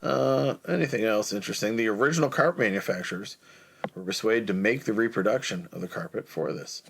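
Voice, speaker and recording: A man's voice: fairly low pitch, brisk, gravelly, slight background noise. A man co-hosting a podcast, reading out movie trivia in a casual, chatty way. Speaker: podcast co-host.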